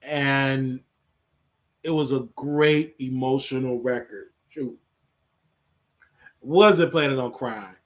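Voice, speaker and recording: A man's voice: medium pitch, slow pace, pauses often. A man hosting his own show, chatting casually to his viewers, repeating phrases and calling them y'all. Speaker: show host. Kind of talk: casual solo chat to viewers.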